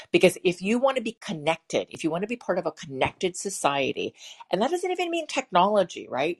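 A woman co-hosting a podcast, chatting casually and rambling as she thinks aloud, with many fillers. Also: on the low side. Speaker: podcast co-host. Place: home setup with a bird in the background.

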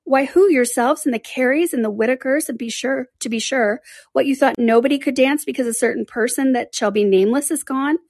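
A gossipy older busybody teasing the young folk, put on by a woman reading the story, pitched up higher than the narration and delivered in a dry, close sound. she keeps poking fun at the girl in every line. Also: a little fast, darkish tone, no echo.

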